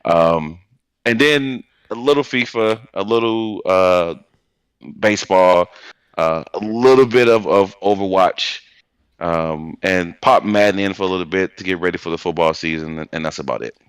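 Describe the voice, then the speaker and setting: Male co-host, low voice, dry close sound, halting casual rambling. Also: smooth, no room sound. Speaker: podcast co-host. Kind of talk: casual gaming chat.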